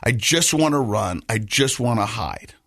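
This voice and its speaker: Husky-voiced man telling a story haltingly. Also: mid-range voice, expressive, fairly bright tone, no room sound, clean studio sound. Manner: halting, repeats words while telling, laughs through lighter moments. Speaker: podcast host. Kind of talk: personal storytelling in casual chat.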